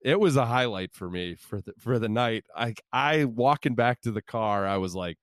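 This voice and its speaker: A man's voice: mid-range voice, lively intonation, normal speed, few pauses, fairly bright tone, no echo, studio quality. A man co-hosting a podcast, telling rambling, profane stories in casual sports chat. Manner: rambling, profane, self-interrupting. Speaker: podcast co-host.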